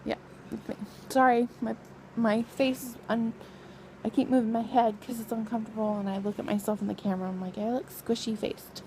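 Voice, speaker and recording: A woman's voice: fairly high pitch, flat delivery, fairly quick, noisy background. A young pregnant woman vlogging casually from bed, rambling and laughing as she talks to her camera. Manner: chatty, rambling, laughs often. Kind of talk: casual pregnancy vlog chat. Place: lying in bed at home.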